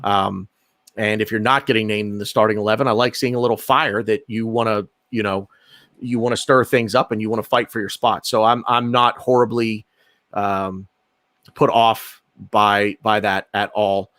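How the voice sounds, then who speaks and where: A man's voice: lowish voice, fairly even intonation, normal speed, a bit bright, no echo. A man hosting a casual fan podcast, reading out donations and passing the word to his panelists. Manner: reads out donations, hands over to panelists. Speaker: podcast host.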